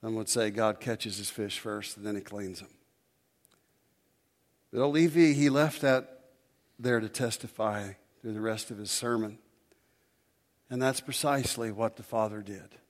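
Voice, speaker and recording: A man preaching a sermon in an emphatic way, with dramatic pauses. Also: on the low side, fairly even intonation.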